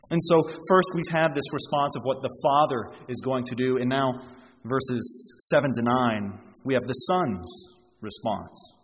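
A man preaching an expository sermon, emphatic, rising on key phrases and dropping low for quieter asides. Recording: reverberant hall with faint noise.

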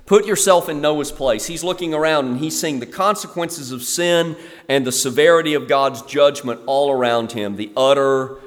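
A man preaching a sermon in an earnest way, lifting his voice for emphasis as he quotes scripture. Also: moderate pace. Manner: earnest, rises in pitch and volume for emphasis when quoting scripture. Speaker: pastor. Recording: long reverb of a hall.

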